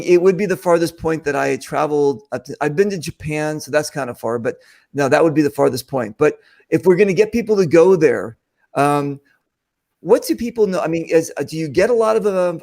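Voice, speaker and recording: A man's voice: fairly high pitch, fairly quick, gravelly, darkish tone. A man hosting a casual chat, talking loosely and thinking aloud with asides.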